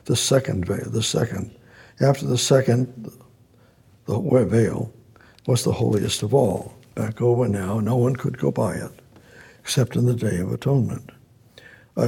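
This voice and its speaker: A man's voice: medium pitch, vocal fry, warm tone, breathy edge. A man preaching a sermon, reading scripture aloud and repeating his phrases as he explains them.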